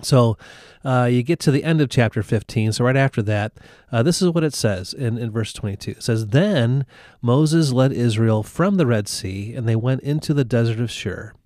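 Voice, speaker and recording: A man's voice: medium pitch, moderate pace, darkish tone, no echo, clean studio sound. A man teaching from the Bible in a casual conversation. He retells the stories and acts out the quotes, with many fillers. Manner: storytelling with acted-out quotes, frequent fillers.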